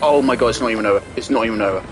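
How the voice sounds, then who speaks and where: A man's voice: on the low side, racing, over music. A young man giving angry gameplay commentary, ranting and swearing heavily. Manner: furious ranting, heavy swearing. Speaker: gaming video creator.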